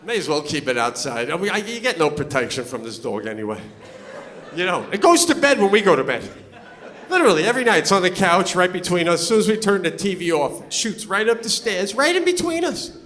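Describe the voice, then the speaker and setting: A man performing stand-up comedy on stage, telling stories in a loud, animated way and yelling his punchlines. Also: high-pitched, fairly quick, big-room sound. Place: comedy stage before a live audience.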